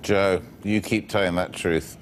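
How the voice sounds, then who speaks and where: A man interviewing a guest for a news broadcast, brisk and quick to cut in with his question. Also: low voice, steady tone, slight background noise.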